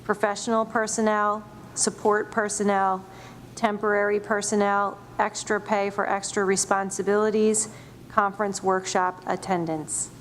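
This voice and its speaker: Woman board chair reading agenda items, brisk, procedural, faint hiss behind. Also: medium pitch, flat delivery. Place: school board meeting room.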